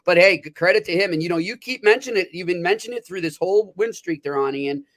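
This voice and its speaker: A man's voice: sits high, fast, fairly bright tone. A man in a casual sports chat as a hockey beat writer, speaking candidly and often restarting his sentences.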